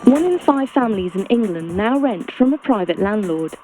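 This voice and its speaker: A woman narrating scripted facts in an even, informative way. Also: mid-range voice, normal speed, rough recording. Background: background music.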